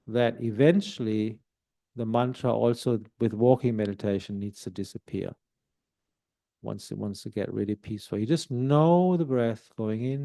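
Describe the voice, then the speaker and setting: A man, a Buddhist monk, giving calm, explanatory meditation instruction at a retreat centre, sometimes softly demonstrating a mantra. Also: medium pitch, creaky.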